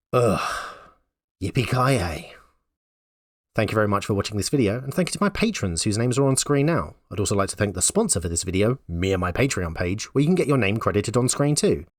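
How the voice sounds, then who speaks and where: A man's voice: on the low side, no room sound, studio quality. A man giving blunt, wry opinion commentary in a conversational way. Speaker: YouTube commentator.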